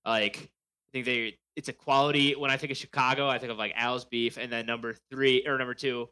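A man's voice: mid-range voice, level tone, brisk, pushed and bright, clean tone, rough recording. A young man in casual podcast chat, upbeat and enthusiastic. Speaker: podcast co-host.

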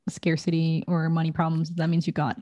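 Woman host, low mellow voice, chatting and agreeing, dry sound. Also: completely flat delivery, a little fast, dry recording. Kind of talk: casual chat.

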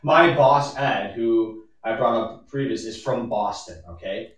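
A man in his late twenties, a podcast guest, telling animated stories and mimicking other people in casual chat. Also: mid-range voice, a little slow. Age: late 20s. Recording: roomy echo.

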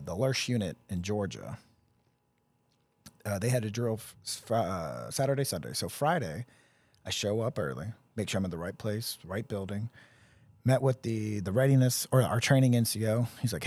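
With no room sound, a man with a lowish, husky voice co-hosts a casual podcast. He tells profane army stories in an animated way, acting out the people in them and their quotes.

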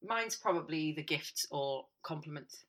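A woman's voice: low-pitched, lively intonation, unhurried, fairly bright tone. A young woman co-hosting a podcast, wry and teasing, swearing casually. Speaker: podcast co-host. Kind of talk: casual chat.

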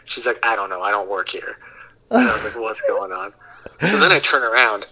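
A man in his thirties, a podcast guest, telling a long story in a casual, animated way and acting out the voices he quotes. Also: fairly low pitch, brisk, poor audio. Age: 30s.

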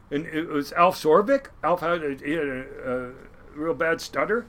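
A man's voice: a little high, normal speed, a bit bright. A middle-aged man, a longtime crab fishing captain, telling stories in a rambling, profane way and laughing often. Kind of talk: casual storytelling interview.

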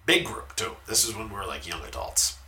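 Animated man telling stories, bright tone. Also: on the low side, a little fast. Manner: animated storyteller, swears freely and yells quoted lines. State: talking quietly at times because his wife sleeps. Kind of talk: casual chat, storytelling.

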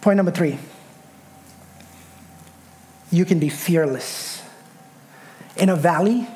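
A man pastor preaching a sermon, emphatic and repeating key phrases, swelling up to shouts. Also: high voice, brisk.

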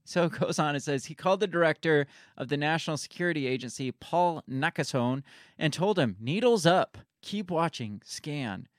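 A man's voice: a little high, animated, normal speed, no echo, clean studio sound. Fired-up man reading and riffing on the news. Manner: reads news excerpts aloud, then riffs with laughter and swearing. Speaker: podcast co-host. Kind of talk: casual political commentary.

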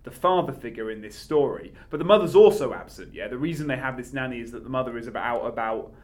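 A man co-hosting a podcast, talking through a film in an animated, argumentative way with frequent restarts. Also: mid-range voice, quick pace. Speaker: podcast co-host. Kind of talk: casual film discussion.

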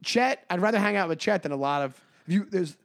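A man co-hosting a comedy podcast, animated and quick to laugh, often stumbling and restarting his sentences. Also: sits high, gravelly. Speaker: podcast co-host. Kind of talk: casual comedic chat.

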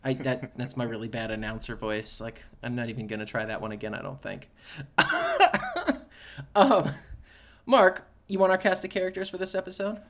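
A man's voice: medium pitch, wildly swooping pitch, normal speed, a bit bright. A man co-hosting a casual podcast, joking around and tripping over his words in restarts. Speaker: podcast co-host. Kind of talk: casual chat.

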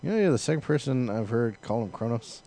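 Casting note: male podcast co-host, lowish voice, sarcastic teasing banter. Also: expressive, fast, mellow. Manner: sarcastic, teasing, ranting jokes. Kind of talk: casual chat.

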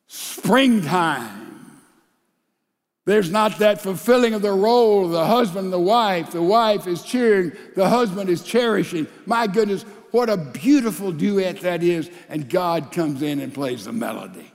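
An older man delivers a sermon from the pulpit, emphatic and unhurried, slipping into voices to act out quarrelling couples. His voice sits high for a man. It carries with a long, echoing reverb through a large church. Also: expressive. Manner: emphatic preacher acting out couples' quarrels in dialogue. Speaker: pastor.

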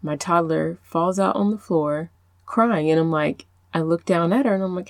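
Encouraging mom podcaster, lowish voice. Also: female voice, unhurried, creaky, dry recording. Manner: warm encouraging, faith-based, speaks straight to listener. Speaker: podcast host and productivity coach. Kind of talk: casual podcast talk.

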